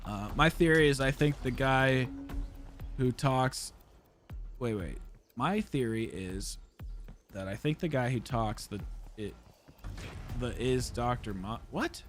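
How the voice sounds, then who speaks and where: A man's voice: mid-range voice, takes it slowly, long pauses. A young American man hosting a livestream, chatting casually and rambling profanely while he plays a game. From United States. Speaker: podcast host streaming a game. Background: game music.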